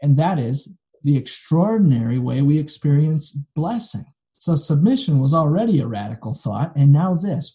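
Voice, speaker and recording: A pastor delivers his sermon with a gravelly edge and a very dark, mellow tone. His manner is casual and folksy, full of everyday asides, and his voice is recorded for an online service video. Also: a little high. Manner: conversational, folksy storytelling.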